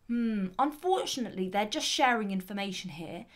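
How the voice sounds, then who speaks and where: A woman teaching a grammar lesson, explaining clearly and deliberately and reading example sentences with lively emphasis. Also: on the high side.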